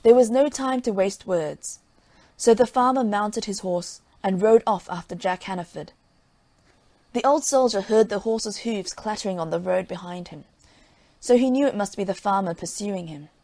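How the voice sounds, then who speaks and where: A woman narrating a folk tale in a measured, plain reading style. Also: medium pitch, dark tone, no room sound. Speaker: storyteller.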